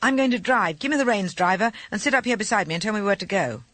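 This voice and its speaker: A man's voice: high voice, expressive, quick pace, bright, forceful tone, pitched above the performer's own voice. A man reading an audiobook and voicing a reckless, cheerful young male pilot giving bold orders. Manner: bold, commanding outbursts.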